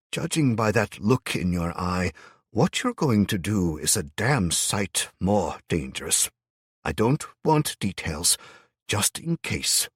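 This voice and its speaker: A man voicing a kindly older sword trainer who talks in a warm, fatherly way, calling the hero lad and son, in an audiobook. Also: low voice, breathy edge, no echo, clean studio sound, full character voice. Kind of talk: audiobook character voice.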